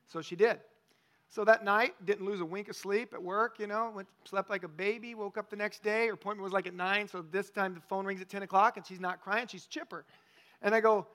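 A man of about fifty, preaching a sermon in a folksy, animated storytelling way. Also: sits high, fairly quick. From Tennessee. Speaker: pastor.

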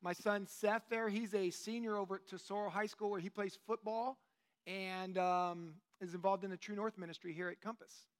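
A man in his late forties giving a relaxed, joking sermon to a church group in a conversational way, with plenty of fillers. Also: high-pitched, normal speed, clean tone. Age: 40s. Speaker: lay teacher. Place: church meeting room.

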